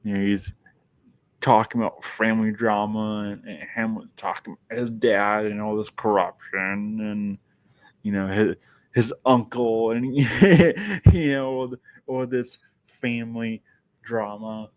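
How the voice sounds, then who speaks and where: A man's voice: fairly low pitch, steady tone, unhurried. A man giving a casual film review monologue, rambling and often restarting his sentences.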